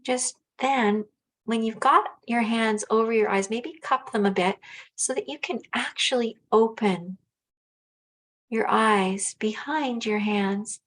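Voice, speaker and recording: A woman with a fairly high voice guides listeners through a relaxing self-massage. Her delivery is gentle and unhurried, with soft pauses and the occasional filler.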